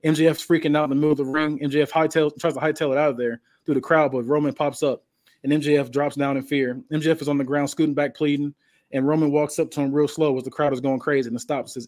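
A man's voice: fairly high pitch, little pitch movement, fast talker, darkish tone. A man casually narrating a story, with restarts.

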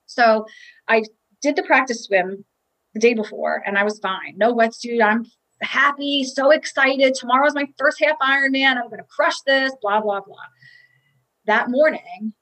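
A woman's voice: a little high, unhurried, a bit bright, low-quality recording. A woman telling a candid, emotional personal story about a triathlon, with restarts and quoted inner thoughts.

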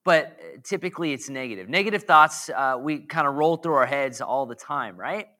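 Bright-voiced hoarse man preaching casually. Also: medium pitch, expressive, moderate pace. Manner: rambling, jokey, asks the audience questions. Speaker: pastor. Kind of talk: casual conversational sermon.

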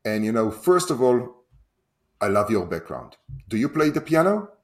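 A man's voice: medium pitch, very animated, moderate pace. A man in his forties with an Israeli accent, a podcast host chatting in a loose, self-deprecating way. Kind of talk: casual interview chat.

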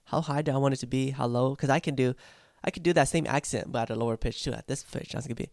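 A man's voice: mid-range voice, fairly even intonation, very fast, creaky, darkish tone, no room sound, studio quality. A young man talking casually about practicing his song, rambling and reflective, with lots of fillers and restarts. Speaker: vlogger recording his own song. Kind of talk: casual vlog talk.

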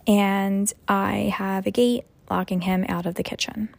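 A young mother talks in a loose, rambling way, filling her sentences with "you know" and "like." Her voice has a gravelly fry to it. The recording is dry, with no room sound. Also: medium pitch, flat delivery, measured pace, dry recording. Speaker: mom sharing personal reflections. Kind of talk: casual rambling monologue.

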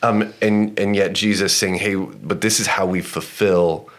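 A man co-hosting a casual Bible discussion podcast, talking things through with a friend and getting animated when amused. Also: deep voice, unhurried. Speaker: podcast co-host.

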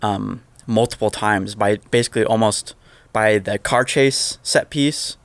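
A man talking about movies in quick, animated bursts and laughing often. His voice sits somewhat low. The sound is dry and close, with little room around it. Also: no room sound. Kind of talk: casual film discussion.

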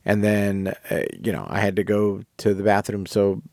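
This host's voice is on the low side and he speaks at normal speed, telling a loose, lively story and correcting himself along the way. The studio recording is clean and dry.

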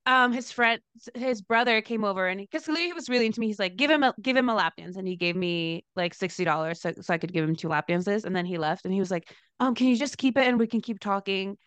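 A young woman co-hosting a podcast, telling a story in a chatty, animated way with lots of fillers. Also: quick pace, few pauses, smooth, no echo. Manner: animated storyteller, lots of "like", laughs into high pitch. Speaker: podcast co-host, dancer. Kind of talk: casual chat, storytelling.

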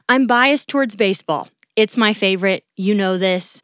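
A woman's voice: medium pitch, steady tone, normal speed, fairly bright tone, clear, resonant tone, no echo, studio quality. A woman hosting a solo sports recap podcast, chatty and upbeat, with a casual, enthusiastic delivery.

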